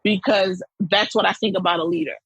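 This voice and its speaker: Female principal guest, strongly husky voice, emphatic and lively delivery. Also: mid-range voice, brisk, no room sound, rough recording. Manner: emphatic and animated, with repeated phrases. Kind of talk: interview conversation.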